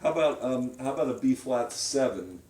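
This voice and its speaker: A man's voice: medium pitch, expressive, fairly quick. A man giving a one-on-one music lesson, talking hesitantly with many fillers and restarts. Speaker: composition teacher. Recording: roomy sound from a distance. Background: piano playing.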